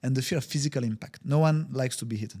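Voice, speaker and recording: A man of average pitch tells a story as a podcast guest. He slips into quoted voices to act out each scene. His phrasing is non-native, and it is full of fillers and restarts. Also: quick pace, a little mellow. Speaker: podcast guest, wellbeing consultant. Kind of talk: conversational storytelling.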